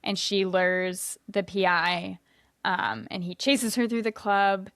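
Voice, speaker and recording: A woman's voice: medium pitch, fairly bright tone, no room sound, studio quality. Agreeable woman co-host chiming in. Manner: agreeable, chimes in with quick affirmations. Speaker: podcast co-host. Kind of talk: casual movie recap chat.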